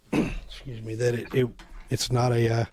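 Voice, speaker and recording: A man's voice: medium pitch, monotone, unhurried, a little mellow. A man hosting a casual interview for his shop's channel, friendly and chatty, with plenty of fillers. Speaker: shop owner and show host.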